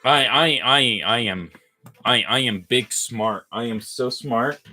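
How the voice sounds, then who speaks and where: A man chatting casually on a livestream while he builds, playful and rambling, poking fun at himself as he thinks out loud. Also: medium pitch, takes it slowly, soft background music. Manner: playful, rambling, self-mocking, thinks aloud. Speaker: livestreamer building brick models.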